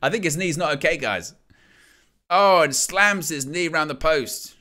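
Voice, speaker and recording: A man hosts a live wrestling watch-along, calling the match in a bright, slightly high voice. He jokes and laughs along with the action and gets loud and excited when the crowd erupts. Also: measured pace. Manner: joking, excitable play-by-play with laughs.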